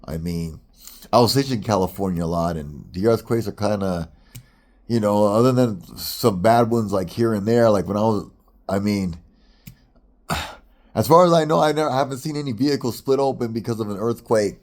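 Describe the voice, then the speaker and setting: A man's voice: on the low side, normal speed, a little mellow. A middle-aged man from the United States telling a long, frustrated story in a rambling, profane way with many restarts. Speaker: vlogger. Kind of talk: casual storytelling rant.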